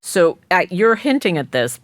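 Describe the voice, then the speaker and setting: Interviewer, curious, prompting, mid pitch, dry close sound. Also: sing-song, normal speed, dry recording. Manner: curious, prompting questions, brief backchannels. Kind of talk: casual interview conversation.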